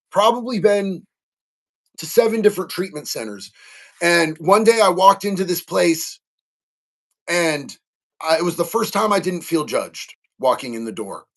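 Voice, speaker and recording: A man's voice: a little high, creaky, fairly bright tone. A man hosting a casual livestream, talking candidly and earnestly to viewers, with lots of slang, swearing and fillers. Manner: earnest and heartfelt. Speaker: livestream host answering chat. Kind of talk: casual unscripted talk to viewers.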